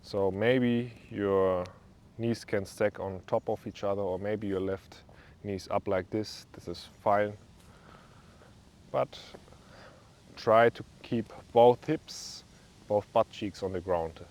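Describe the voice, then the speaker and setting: A young man with a German accent leading a guided stretching class in a calm, easygoing way with small joking asides. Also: lowish voice, slow pace. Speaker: yoga instructor.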